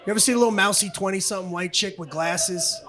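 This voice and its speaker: A middle-aged man doing stand-up comedy on a club stage, brash, profane and often shouting. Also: high voice, fast. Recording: live club audio with background noise.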